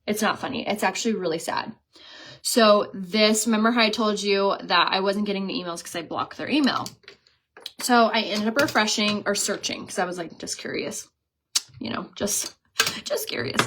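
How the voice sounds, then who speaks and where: Chatty young woman telling a storytime. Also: mid-range voice. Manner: animated storytelling with mocking quoted voices. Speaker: beauty vlogger. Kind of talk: casual chatty storytime vlog.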